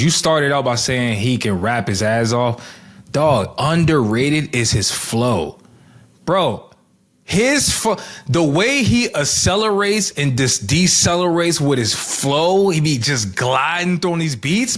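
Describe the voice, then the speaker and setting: A man's voice: mid-range voice, animated, a bit bright. Emphatic man in casual podcast chat. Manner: emphatic slang-heavy talk, drawn-out words. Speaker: podcast co-host.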